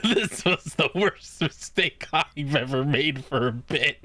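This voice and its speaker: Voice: medium pitch, lively intonation, takes it slowly, pushed and bright, dry recording. A podcast co-host in casual chat, making crude jokes. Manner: crude, joking.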